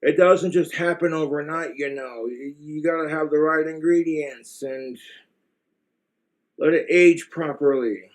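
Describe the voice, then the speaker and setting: A man's voice: fairly high pitch, unhurried. A man with an American accent giving blunt, crude, rambling relationship advice in a casual monologue to the camera.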